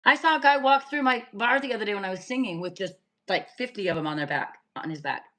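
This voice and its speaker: A woman's voice: medium pitch, lively intonation, fast talker, pushed and bright. A woman in her fifties co-hosting a casual chat, talking in a chatty, exclamatory way. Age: 50s. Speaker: podcast co-host.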